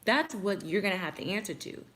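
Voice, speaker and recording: A woman's voice: medium pitch, lively intonation, brisk, a bit bright. A young woman vlogger giving a heartfelt motivational talk to the camera, with frequent "like" fillers.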